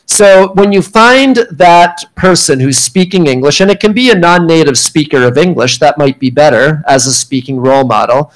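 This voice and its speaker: A man's voice: on the high side, rough recording. Emphatic man leading a workshop. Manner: clear, emphatic teaching delivery with checking "okay?". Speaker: workshop instructor. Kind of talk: classroom workshop lecture. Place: university meeting room.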